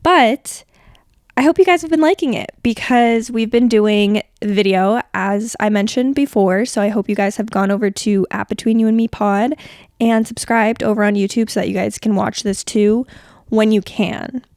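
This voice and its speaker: A woman in her twenties hosting a casual solo podcast, chatty and rambling, her voice a little rough from being sick. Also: medium pitch, normal speed, darkish tone, no echo, studio quality. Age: 20s. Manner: chatty, rambling, filler-heavy. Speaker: podcast host. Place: bedroom.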